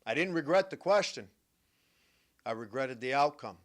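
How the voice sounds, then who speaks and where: Emphatic older New talk host. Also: male voice, medium pitch, lively intonation, moderate pace. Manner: emphatic storytelling, swings from hushed to loud. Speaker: show host and therapist. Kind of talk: radio-style talk monologue.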